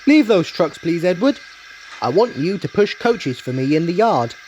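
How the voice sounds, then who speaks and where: A man's voice: high voice, sing-song, moderate pace, voice pushed up. Man doing a stern railway boss. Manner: stern, formal. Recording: noisy home recording.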